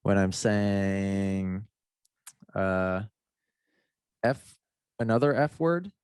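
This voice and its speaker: A man's voice: deep voice, animated, drawn-out words, a little mellow, clean tone, no room sound, studio quality. A man, a mindset coach guesting on a podcast, telling a story casually, laughing and acting out the messages he quotes.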